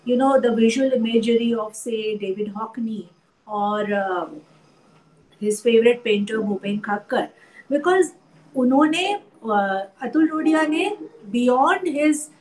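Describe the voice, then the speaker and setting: A woman with an Indian English accent, an art historian and teacher, speaking thoughtfully in an interview with many pauses and fillers. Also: fairly high pitch, darkish tone, poor audio. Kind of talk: interview conversation.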